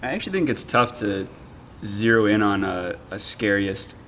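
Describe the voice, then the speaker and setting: A man with a fairly low voice hosts a podcast, answering questions in a thoughtful, halting way and often restarting his phrases. A faint noise sits behind him. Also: expressive, fairly bright tone. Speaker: podcast co-host. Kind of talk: casual chat.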